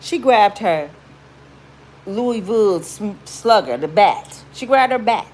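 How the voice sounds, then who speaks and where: A woman vlogger with a medium-pitched voice tells a story slowly, in casual, blunt, slangy commentary. She's emphatic and animated, acting out what people said by shrieking their quotes.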